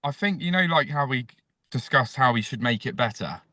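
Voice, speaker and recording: Male stand-up guest, sharp bright voice, dry close recording, foul-mouthed banter. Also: mid-range voice, expressive, normal speed, no room sound. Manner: crude, swears freely, ranting bursts. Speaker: comedian guest. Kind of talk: casual comedic podcast chat.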